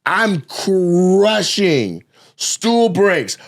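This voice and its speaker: A comedian co-hosting a casual podcast, spinning a story with swearing and sound effects. His voice sits fairly high and swings widely in pitch as he acts out scenes. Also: expressive, normal speed.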